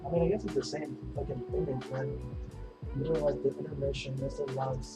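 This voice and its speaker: A middle-aged man with a medium-pitched, fairly even voice talks briskly over music, on poor audio. Hosting a casual painting livestream, he rambles in a laid-back way, saying "man" and "dude" a lot and swearing plenty.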